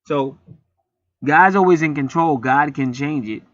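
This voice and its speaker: A man's voice: a little high, a little slow, a bit bright, dry recording. A man hosting his own channel, ranting to viewers in a casual, heated, profane and preachy way. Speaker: channel host. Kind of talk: casual rant to camera. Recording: dull lo-fi dry sound.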